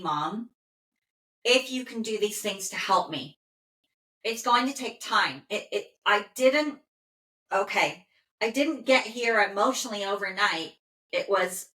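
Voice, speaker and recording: Bright-voiced woman in a roomy echo. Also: medium pitch. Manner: calm, soothing, with frequent "okay" pauses. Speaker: animal communicator. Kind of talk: relaying a dog's messages in first person.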